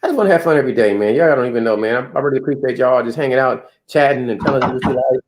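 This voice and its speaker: A man's voice: medium pitch, rapid-fire, slight background noise. A man hosting a casual livestream chat, laid-back and full of "man" and "dude". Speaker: livestream host.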